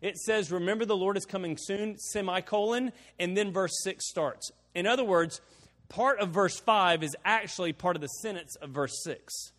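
A man delivers a sermon with a notably high-pitched voice, speaking conversationally and leaning on personal stories. He repeats key lines for emphasis. His voice rings with the long reverb of a large hall. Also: normal speed, a bit bright. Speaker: pastor.

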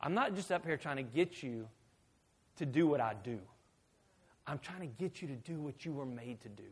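A man preaching a sermon as pastor, swinging from hushed, intimate talk to loud, emphatic shouting. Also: fairly high pitch, lively intonation, normal speed, breathy edge.

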